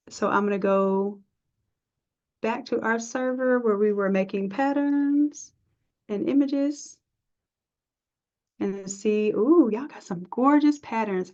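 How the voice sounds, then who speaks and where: A woman teaching a live software design class, chatty and encouraging, thinking aloud as she works. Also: mid-range voice. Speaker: design instructor. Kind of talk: live screen-share tutorial. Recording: dull lo-fi stream audio.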